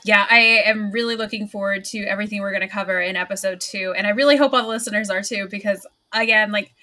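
A woman's voice: mid-range voice, fairly even intonation, fast talker, bright, forceful tone. A woman hosting a podcast, chatty and enthusiastic. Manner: enthusiastic, chatty, laughs often. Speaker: podcast host. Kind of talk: casual podcast conversation.

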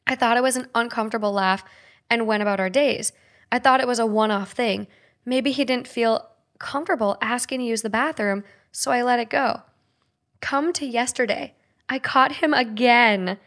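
A woman's voice: fairly high pitch, normal speed, fairly bright tone. Laughing woman podcast host. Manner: laughs a lot, reads stories and ads aloud. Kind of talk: casual chat.

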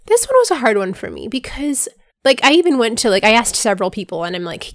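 A fairly high-voiced woman talks straight to her podcast listeners, earnest and chatty, with "like" in nearly every phrase. Her voice sounds worn and sick. The sound is close and dry, with no room around it. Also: huge pitch swings, fast talker, no echo. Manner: earnest, chatty, fills with "like" constantly. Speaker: podcast host. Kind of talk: casual solo podcast monologue.

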